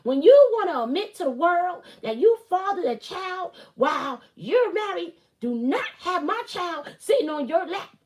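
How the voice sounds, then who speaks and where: A woman putting on an exaggerated accent and voice for an angry, fed-up woman, reading slowly with heavy emphasis. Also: sing-song, a little mellow, exaggerated voice. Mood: indignant. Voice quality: high, drawn-out and exaggerated. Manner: slow, emphatic reading of a post in a put-on accent. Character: angry fed-up woman airing grievances, mock-dramatic.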